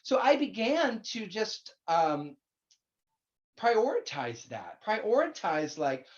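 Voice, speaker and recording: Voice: mid-range voice, very animated, slow pace, muffled recording. A minister giving a sermon in a candid, conversational way, speaking straight to the listeners and swearing casually. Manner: conversational, addresses listeners directly.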